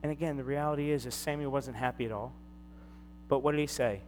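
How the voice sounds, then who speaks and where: A man's voice: mid-range voice, fast talker. A middle-aged man preaching a sermon, telling a personal story and acting out the voices in it. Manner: storytelling, animated, acts out quoted voices. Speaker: pastor. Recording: long hall reverb, faint hum.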